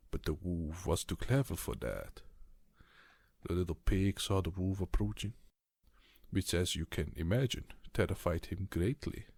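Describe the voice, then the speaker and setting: Slow, deep-voiced male storyteller. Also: creaky, husky, no room sound, studio quality. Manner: calm, soothing. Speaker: ASMR storyteller. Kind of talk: soft-spoken ASMR bedtime story reading.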